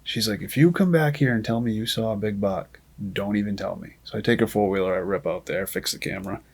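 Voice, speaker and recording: Podcast guest, man, lowish voice, animated yarn-spinner who acts out dialogue. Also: fast. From Maine. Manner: lively storyteller who acts out quoted dialogue. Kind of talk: casual storytelling.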